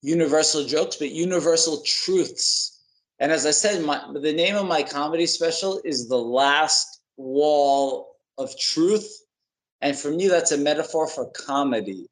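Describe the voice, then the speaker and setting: A man's voice: on the high side, a little slow, low-quality recording. Earnest male comedian guest. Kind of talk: casual interview chat.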